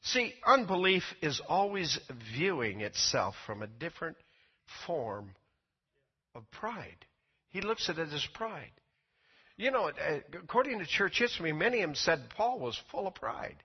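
A male preacher with a high, husky voice delivers a sermon, reading scripture aloud and driving his points home with rising force. The recording is dull and lo-fi. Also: very animated, measured pace. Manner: preaching with rising volume and emphatic peaks. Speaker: pastor.

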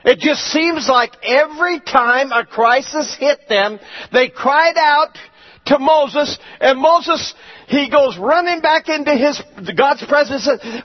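A man's voice: extremely high pitch, slow, big-room sound. A male pastor preaching a sermon, telling stories with emphasis, on a dull lo-fi recording.

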